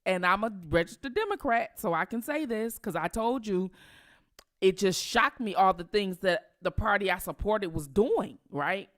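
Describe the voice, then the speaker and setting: A woman's voice: mid-range voice, expressive, normal speed. A woman from Detroit with a Detroit accent, hosting casual commentary, emphatic and outraged, repeating herself for effect. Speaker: commentary channel host.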